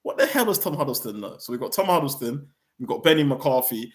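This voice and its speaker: A young man hosting a football fan channel, ranting in a heated, slangy, animated way. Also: medium pitch, quick pace.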